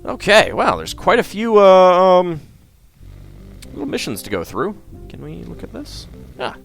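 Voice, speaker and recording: A man's voice: high voice, wildly swooping pitch, a little slow, creaky, long pauses, fairly bright tone. A man hosting a let's play, casual and self-deprecating, reading game text and commenting over faint guitar music.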